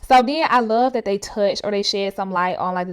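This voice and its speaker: A woman giving a casual recap of a reality show episode, talking straight to viewers in a chatty, animated way full of fillers. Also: medium pitch, moderate pace, smooth. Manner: speaks straight to viewers as "y'all".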